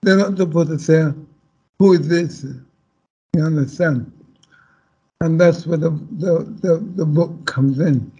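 A man speaking as a panel guest, talking slowly and haltingly with many restarts. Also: a little high, warm tone, slightly rough, dull audio. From Caribbean heritage. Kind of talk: panel discussion.

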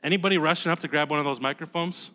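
A man preaching a sermon as pastor, conversational and emphatic, dropping to a hush and then rising loud, often repeating words. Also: fairly high pitch, racing. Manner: emphatic, swings from hushed to loud.

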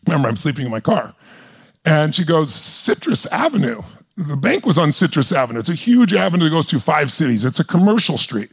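A man's voice: fairly high pitch, animated, quick pace, creaky, husky. A man in his sixties, a motivational speaker telling a story at a live seminar with passion and intensity, rallying the crowd. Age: 60s. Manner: intense, passionate, rallies the audience.

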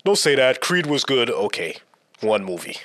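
A young man co-hosting a casual chat, teasing and quick with questions in a laid-back way. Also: medium pitch, sing-song, fairly bright tone.

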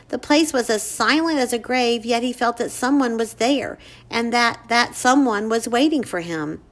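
A woman narrating a ghost story in a measured, suspenseful way. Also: fairly high pitch. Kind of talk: scripted narration.

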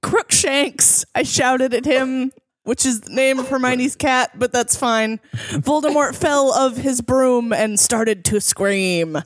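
A woman's voice: sits high, slow pace, dry recording. Woman reading aloud, dry close mic. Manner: laughing, mock-dramatic reading. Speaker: podcast producer reading a fanfic aloud. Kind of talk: casual podcast chat with dramatic reading.

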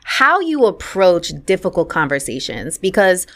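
A woman's voice: on the low side, very animated, moderate pace. A woman hosting a podcast interview, chatting casually with a playful, slangy and enthusiastic manner. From Puerto Rican heritage, New York. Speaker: podcast host.

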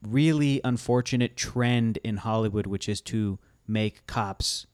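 A man's voice: on the low side, measured pace, darkish tone, clear, resonant tone, no echo, studio quality. A young man hosting a film podcast in a casual chat, rambling and laughing as he talks. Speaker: podcast host.

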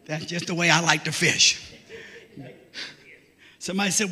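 A man preaching a sermon to a church, folksy and joking, rising often into shouts. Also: high-pitched, animated, moderate pace, pauses often, in a large hall.

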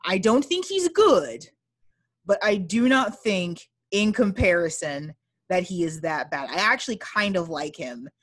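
A young woman talking casually on a podcast, her pitch leaping up and down as she gets into it. She swears freely and slips into mock voices to act out what people might say. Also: a little slow. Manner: animated, profane, acts out voices of characters. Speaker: podcast co-host. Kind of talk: casual chat about a book.

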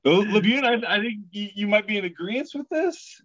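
A man's voice: high voice, animated, moderate pace, a bit bright, dry recording, lo-fi sound. A man hosting a podcast, reading memes aloud in casual, profane comedic chat. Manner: laid-back, profane, breaks into sung bits.

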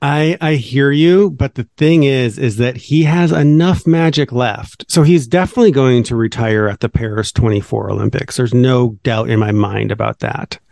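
A man's voice: mid-range voice, normal speed, vocal fry, few pauses, darkish tone, no echo. Playful, teasing man with a dry sound. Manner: playful, teasing quiz-master. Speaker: podcast co-host. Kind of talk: casual chat.

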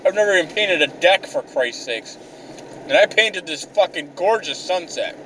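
Fairly quick and sharp-toned, a high-pitched young man swears his way through an exasperated rant in a comedic vlog. Faint traffic noise is audible, and the microphone is set a bit far away.

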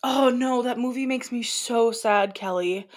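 A woman's voice: on the high side, measured pace. A young adult woman co-hosting a podcast in casual chat, talkative and emotional, laughing easily. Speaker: podcast co-host.

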